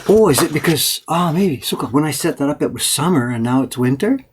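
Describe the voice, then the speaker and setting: A man from Yorkshire who now speaks with a Canadian accent, hosting a casual livestream and telling lively anecdotes. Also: on the high side, brisk, a little hiss or hum. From England, Yorkshire. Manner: animated storyteller, acts out voices in anecdotes. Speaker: printmaker streaming host.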